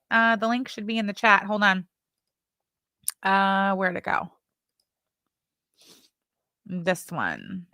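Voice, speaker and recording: Female live-stream host; crisp voice, casual and wry commentary. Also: medium pitch, sharp tone, no echo, studio quality. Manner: chatty, sarcastic asides. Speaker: streamer reacting to drama clips.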